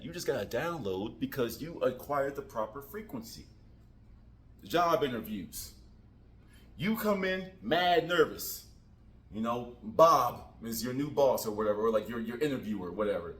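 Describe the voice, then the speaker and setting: A man's voice: medium pitch, expressive, measured pace, fairly bright tone. A man talking casually to camera about spiritual growth, goofy and joking. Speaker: vlogger. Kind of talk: casual motivational talk.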